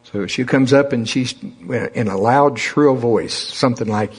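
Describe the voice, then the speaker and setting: Husky-voiced folksy male preacher. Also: mid-range voice, a little slow. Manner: folksy, calls for congregation to repeat after him. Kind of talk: sermon.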